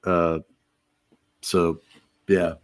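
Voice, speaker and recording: A man's voice: deep voice, little pitch movement, drawn-out words. A middle-aged man co-hosting a podcast, with an easygoing, dry way of talking. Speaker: podcast co-host. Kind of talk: casual chat.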